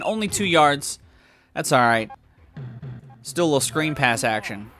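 A young man commentating his own video game play, swearing and shouting at the game in bursts. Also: a little high, unhurried, pauses often, soft background music. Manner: excitable, profane, yells at the game. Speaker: gaming YouTuber.

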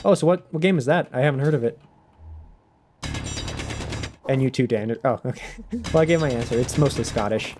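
A man's voice: mid-range voice, lively intonation, fast, long pauses, darkish tone, a little hiss or hum. A young man in his twenties chatting casually on a gaming stream, rambling and self-deprecating.

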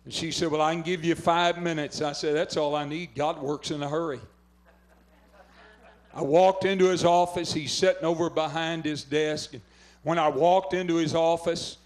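An older man from Oklahoma, a pastor preaching fervently at a revival and telling a story. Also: a little high. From southwestern Oklahoma. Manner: fervent preaching, urging callers to phone in. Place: revival tent.

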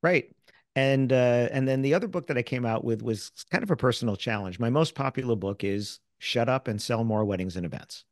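An American man, middle-aged, speaking as an interview guest and sales author, telling lively stories and acting out the people he quotes. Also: mid-range voice, a little fast, no room sound, studio quality. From United States. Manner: animated storyteller who acts out quoted people. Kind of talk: casual interview storytelling.

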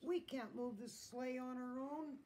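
Santa's worn-out reindeer, as a woman reads them aloud, wailing and complaining in a lively, slow storybook voice. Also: on the high side, a little hiss or hum, voice pushed up.

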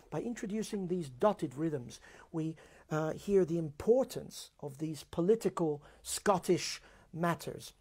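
Middle-aged guy walking through an opera, slow and hesitant, lots of ums. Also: a little high, lively intonation, darkish tone, breathy edge. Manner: thoughtful, with frequent hesitations and restarts. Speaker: music director and host. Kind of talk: explaining an opera to listeners.

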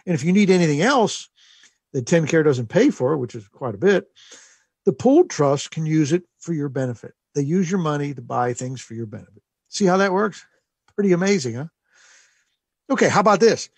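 A man's voice: fairly high pitch, animated, a little fast, darkish tone, husky, dry recording. A man, hosting a radio show as an estate planning lawyer, explaining things in a folksy, conversational way full of fillers and restarts.

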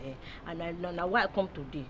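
A woman's voice: fairly low pitch, quick pace, lo-fi sound, background noise. A woman with a Nigerian Pidgin accent, coaxing and pleading in a comedy skit. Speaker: actress in skit. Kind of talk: comic skit acting.

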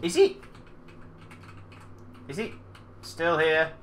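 Jumpy let's player, talks back to the game, unhurried, voice leaps up and down. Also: mid-range voice, lively intonation, slight background noise. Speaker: gamer playing a horror game. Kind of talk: let's play commentary.

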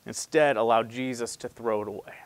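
A pastor delivers a sermon to his congregation in a relaxed, conversational style, hitting some phrases loudly and letting others fall almost to a hush. His medium-pitched voice is steady and a little fast, with no room sound.

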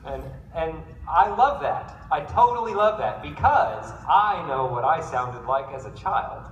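Man, panel guest, joking and chuckling, animated pitch, far from the mic in a noisy, echoey room. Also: unhurried. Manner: joking, chuckles through his answers. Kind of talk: casual convention panel talk. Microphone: phone in the audience, far off. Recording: echoey room, far-off phone audio, noise.

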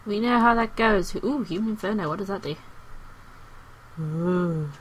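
A chatty, playful woman commentating over a video game she is playing. Her voice sits at a middle pitch, and faint noise runs under her talk. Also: unhurried, low-quality recording. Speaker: gaming video host.

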